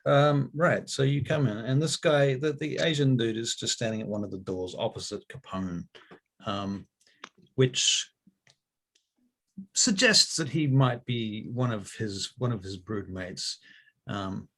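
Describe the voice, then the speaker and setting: A man narrating as game master, starting his sentences haltingly with fillers. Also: mid-range voice, fairly bright tone.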